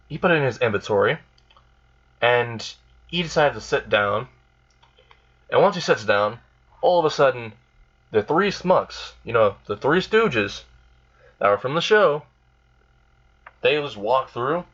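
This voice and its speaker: A man's voice: medium pitch, lively intonation, measured pace, long pauses, fairly bright tone, lo-fi sound. Rambling man telling a fan story. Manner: rambling, full of "like" and "you know". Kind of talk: casual improvised fan story narration.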